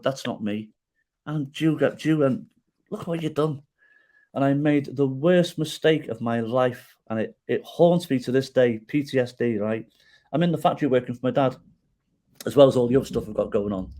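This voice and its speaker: Animated middle-aged man telling a story. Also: medium pitch. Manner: animated storyteller who acts out quoted dialogue and tags lines with "right?". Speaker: podcast guest. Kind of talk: storytelling in a podcast interview.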